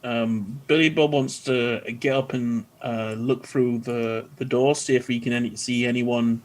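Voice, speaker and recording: A man's voice: mid-range voice, steady tone, unhurried. Casual man playing a tabletop game. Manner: casual, unsure, thinking aloud. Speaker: player.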